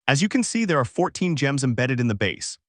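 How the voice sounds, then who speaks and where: A man's voice: medium pitch, very animated, a little fast, no echo, clean studio sound. A man voicing a short, boastful old male gnome who runs a shop, in a proud, teasing manner. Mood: showing off.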